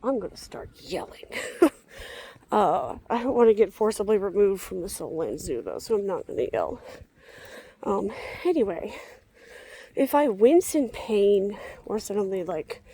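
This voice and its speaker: A woman's voice: medium pitch, big pitch swings, measured pace, long pauses, warm tone, husky. A young woman vlogging as she walks outdoors, rambling with wry muttered asides, tired and a little out of breath. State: tired and a bit out of breath from walking. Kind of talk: rambling walk-and-talk vlog. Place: outdoors walking through a zoo.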